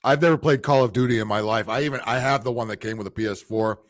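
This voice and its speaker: A man's voice: medium pitch, fast talker, dry recording, clean studio sound. A middle-aged man, a gamer guest on a casual livestream, grumbling and profane. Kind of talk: casual stream chat.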